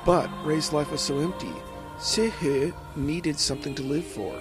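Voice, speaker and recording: A man voicing a friendly teenage girl pilot in a fan fiction audio reading, a little higher than his own voice. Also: unhurried, music in the background, natural voice.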